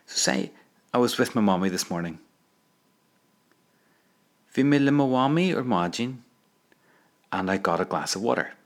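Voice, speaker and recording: A man teaching an audio language lesson, patiently prompting the listener to repeat phrases. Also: lowish voice.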